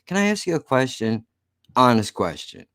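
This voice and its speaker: A man's voice: medium pitch, big pitch swings, moderate pace, a bit bright, dry recording, clean studio sound. Profane slurring man ranting. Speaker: podcast host. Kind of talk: casual rant to listeners.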